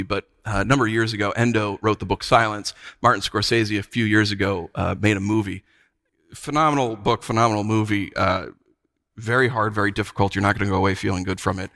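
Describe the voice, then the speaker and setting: A man's voice: on the low side, bright, forceful tone, dry recording, clean studio sound. A male pastor giving a sermon, telling a story earnestly and repeating phrases for emphasis.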